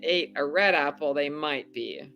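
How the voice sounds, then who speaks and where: A middle-aged woman, a podcast guest, telling a story in casual chat, animated and laughing often. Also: sits low, measured pace, muffled recording. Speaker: podcast guest, former game show contestant.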